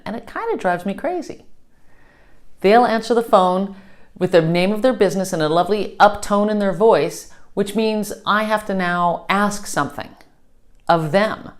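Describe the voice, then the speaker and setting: A woman teaching a customer service lesson, upbeat and checking in often with "okay?". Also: medium pitch. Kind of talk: instructional lesson.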